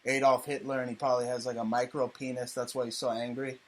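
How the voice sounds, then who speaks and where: A man's voice: medium pitch, flat delivery, quick pace, a crowd in the background. A male talk show host delivering a crude, mocking political rant. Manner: loud, profane, mocking.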